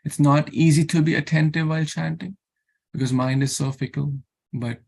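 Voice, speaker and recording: With a somewhat high, steady, slightly mellow and creaky voice, a man leading a scripture class preaches earnestly at a moderate pace. Rhetorical questions, repetition, chants, and Sanskrit verses all run through his sermon.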